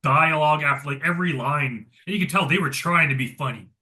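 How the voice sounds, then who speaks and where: A man's voice: fairly high pitch, fast, sharp tone. A man co-hosting a casual movie review chat, blunt and exasperated, often restarting his sentences. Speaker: co-host of a movie review show.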